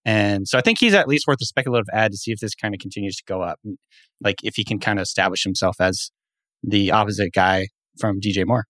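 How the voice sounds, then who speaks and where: A man co-hosting a sports podcast in casual chat, steady as he lays out statistics at length. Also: on the low side, quick pace, no room sound. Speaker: podcast co-host.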